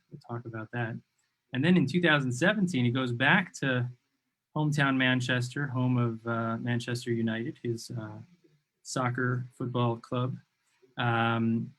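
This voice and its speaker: A man from New York hosting an interview over a video call, talking enthusiastically and rambling, often repeating himself. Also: mid-range voice. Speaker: host. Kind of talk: conversational interview.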